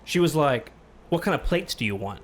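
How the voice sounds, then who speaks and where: A man's voice: lively intonation, a little fast, a little hiss or hum. Ranting man swearing through a story. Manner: ranting, swears a lot, grows loud and high when angry. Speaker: podcast host. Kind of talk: casual podcast chat.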